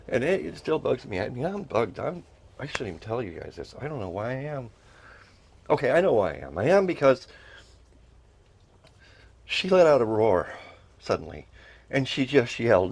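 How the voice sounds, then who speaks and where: A man's voice: mid-range voice, very animated, normal speed, gravelly, pauses often, darkish tone, breathy edge. A middle-aged man telling a personal story with emotion, earnestly repeating phrases and rising into pleading.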